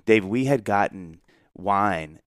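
A low-voiced man, co-hosting a podcast, tells an animated story at a slow pace in casual storytelling chat. He acts out quotes and laughs often. The studio sound is clean, with no room sound.

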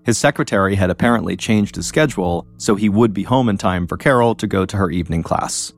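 A man hosting a podcast, telling a true-crime story in a measured, suspenseful scripted narration. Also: lowish voice. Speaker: podcast host.

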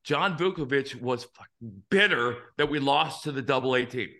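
Bright-voiced man telling stories. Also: medium pitch, moderate pace. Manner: earnest, animated storyteller who swears now and then. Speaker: podcast host. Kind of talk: casual storytelling chat.

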